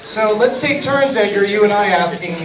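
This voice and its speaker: A woman co-hosting a live stage Q&A, excited and joking. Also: mid-range voice, normal speed. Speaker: co-host of the Q&A. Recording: far echoey theater, loud crowd.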